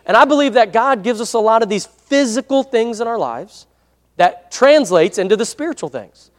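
Male pastor, high voice, chatty sermon, asks for amens, reverberant church hall. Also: expressive, normal speed. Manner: conversational preaching with frequent amen prompts.

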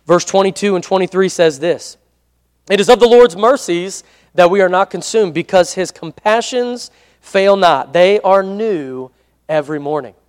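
A man's voice: high-pitched, normal speed, smooth. A male pastor preaching a sermon in a conversational way, often asking for an amen. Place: church hall. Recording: long hall reverb.

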